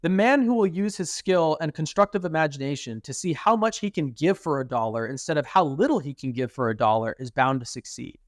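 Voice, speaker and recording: Young man, animated storyteller, dry mic. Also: a little high, brisk, few pauses, dry recording. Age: young adult. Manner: animated storytelling, quotes others in acted voices. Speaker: podcast co-host. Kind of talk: casual chat.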